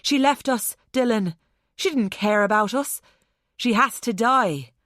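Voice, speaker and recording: A woman voicing an unhinged young woman who talks about murder with a mocking calm. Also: a little high, a little slow, dry recording, clean studio sound, pitched above the performer's own voice. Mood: coldly menacing. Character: unhinged young Irish woman, cold and menacing.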